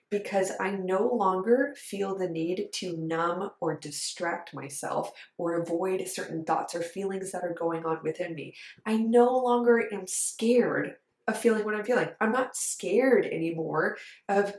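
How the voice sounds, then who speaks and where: Woman dance coach, earnest and emphatic, casual "like"-filled delivery, mid-pitched, roomy echo. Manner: earnest, emphatic, conversational with frequent "like". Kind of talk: direct-to-camera coaching talk. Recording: echoey room.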